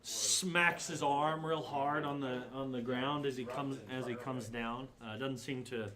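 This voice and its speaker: A man's voice: medium pitch, steady tone, measured pace, a crowd in the background. A man narrating as dungeon master in casual tabletop play, rambling and hesitant with many fillers.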